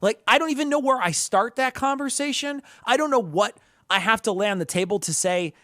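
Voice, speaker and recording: A man from Northern Illinois co-hosting a podcast, talking in a rambling, animated way with restarts and swearing. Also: high voice, a little fast, hardly any pauses, dry recording, clean studio sound. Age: adult, past college. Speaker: podcast co-host. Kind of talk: casual chat.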